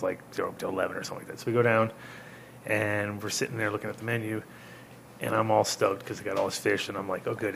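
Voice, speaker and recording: Male host, gravelly low voice, casual storyteller who swears and laughs a lot. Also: slight background noise. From Rhode Island.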